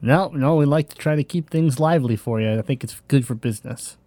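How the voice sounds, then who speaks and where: A man's voice: medium pitch, a little fast, mellow, dry recording. Breezy man playing a tabletop game. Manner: breezy, joking. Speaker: player. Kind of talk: casual in-character play.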